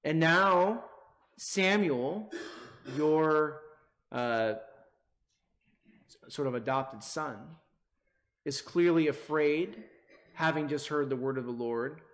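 A middle-aged man preaching a sermon earnestly, swinging between emphatic and hushed delivery. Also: a little high, slow, long pauses. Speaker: pastor.

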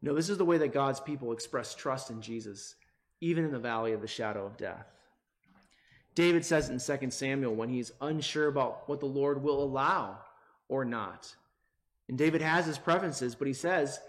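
A man's voice: medium pitch, moderate pace. Earnest man preaching a sermon. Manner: earnest preaching, shifts between emphatic and hushed. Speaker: pastor.

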